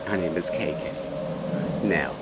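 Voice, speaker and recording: Forty-something guy telling a story to a buddy, lively, checks in with questions, hiss in the background. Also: deep voice, takes it slowly. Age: 40s. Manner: animated, asks the listener questions often. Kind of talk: casual storytelling to a friend. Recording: noisy recording.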